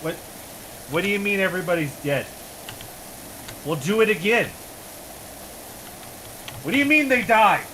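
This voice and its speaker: A man's voice: high-pitched, lively intonation, a little slow, pauses often, pushed and bright, slight background noise, voice pushed up, heavily acted, rough recording. A man voicing a petulant, whiny bully nation as a character, in a mock-indignant, exaggerated voice.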